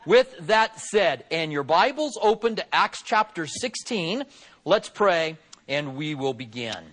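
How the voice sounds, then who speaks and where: High-voiced man preaching a sermon. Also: big pitch swings, slow, a bit bright. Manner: conversational preaching with fillers. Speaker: pastor.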